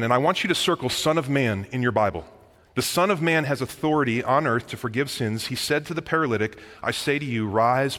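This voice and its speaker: A man preaching a sermon as pastor, in a lively, conversational manner that often addresses the listeners as guys. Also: medium pitch. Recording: long reverb of a large hall.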